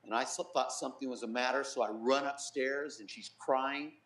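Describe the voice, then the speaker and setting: A middle-aged man speaks in an earnest, storytelling way, his voice sitting at an ordinary pitch for a man. He often drops softer when he quotes others. The sound is roomy, as if recorded in a reverberant studio. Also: steady tone, normal speed. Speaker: pastor and guest. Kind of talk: personal testimony in a TV interview.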